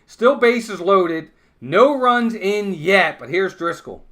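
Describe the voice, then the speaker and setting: A man calling a live baseball game play-by-play, conversational and quick to get worked up over big plays and errors. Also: high voice. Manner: conversational, excitable on big plays, blunt criticism. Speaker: fan play-by-play commentator.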